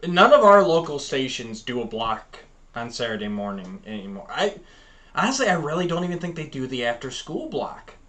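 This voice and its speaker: A man's voice: mid-range voice, big pitch swings, a little fast, pushed and bright. A man co-hosting a podcast, rambling animatedly through childhood memories in casual chat with many fillers. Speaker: podcast co-host.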